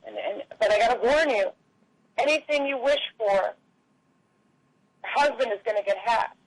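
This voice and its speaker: A woman voicing a small talking frog that grants wishes, in a slow, measured way. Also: fairly high pitch, poor audio. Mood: calm.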